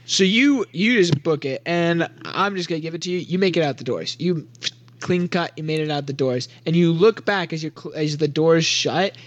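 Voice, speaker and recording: A man's voice: fairly high pitch, moderate pace, no echo, muffled recording. A young man narrating as game master of a tabletop role-playing game, giggly and rambling with lots of fillers. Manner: giggly, rambling with many likes.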